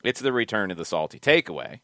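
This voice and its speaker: A man hosting a soccer podcast in casual chat, running through show plans and where to watch in a quick, rambling way. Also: on the low side, big pitch swings, sharp tone, no echo, clean studio sound. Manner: fast, rambling promo talk. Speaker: podcast host.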